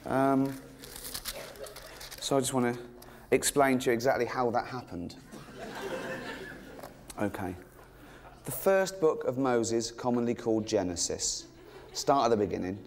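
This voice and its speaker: English male comic, mid-range voice, mock-serious stand-up with excited bursts, noisy live room with laughter behind. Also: medium pitch, creaky. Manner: mock-earnest, halting with ums, bursts into giddy excitement. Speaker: stand-up comedian. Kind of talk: stand-up comedy routine. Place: live comedy stage.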